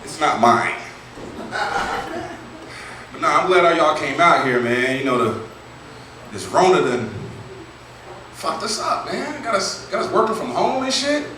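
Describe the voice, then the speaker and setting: A man's voice: on the high side, very animated, unhurried, long pauses. A man performing a stand-up comedy set with loose, profane, conversational storytelling at a live venue. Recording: echoey room, distant mic, audience noise.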